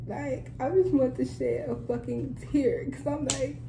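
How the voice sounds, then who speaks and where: A young woman vlogger retelling a story in a casual, animated and profane way. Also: high-pitched, a little slow, creaky, roomy sound, slight background noise, low-quality recording. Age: young adult. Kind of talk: storytime vlog, casual chat.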